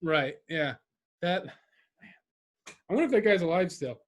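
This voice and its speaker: Laid-back man with a slightly high voice. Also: animated, normal speed. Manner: laid-back, filler-heavy, laughs along. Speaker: podcast co-host. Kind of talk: casual chat.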